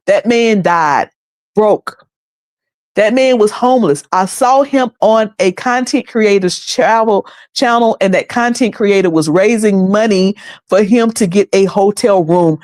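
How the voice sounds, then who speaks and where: A woman's voice: mid-range voice, measured pace, darkish tone, no room sound. A woman hosting a livestream, talking in a colloquial, preachy way and laughing often. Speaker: livestream host. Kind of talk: casual livestream commentary.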